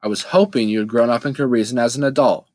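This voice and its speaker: A man's voice: mid-range voice, quick pace, a little mellow, no echo, close to an everyday voice. An imperious queen with an icy, dismissive edge, as a male narrator puts her on. She talks down to everyone with cool haughtiness. The audiobook voice sits dry and close, with no room around it. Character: cold, imperious middle-aged woman ruler. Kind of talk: audiobook character voice.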